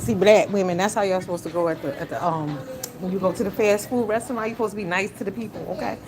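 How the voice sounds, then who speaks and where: A woman's voice: mid-range voice, quick pace. A woman hosting a casual live stream from her car, chatting bluntly with profanity and greeting viewers by name. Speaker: livestream host. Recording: car noise in background.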